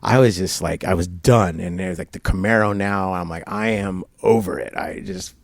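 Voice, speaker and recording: A middle-aged man telling a long personal story in an interview at a barbershop, halting and rambling, acting out the people he quotes. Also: sits low, vocal fry, no room sound, clean studio sound. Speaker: guest.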